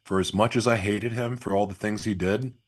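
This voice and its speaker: A man's voice: on the low side, fairly even intonation, a little fast. A man guest in an interview, telling his story candidly and confessionally, swearing at times.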